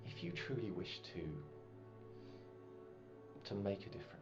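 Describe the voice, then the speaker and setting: A man voicing a secretive wealthy woman with an unblinking stare, speaking low and half whispered. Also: very animated, normal speed. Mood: hushed, conspiratorial. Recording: muffled, with faint music.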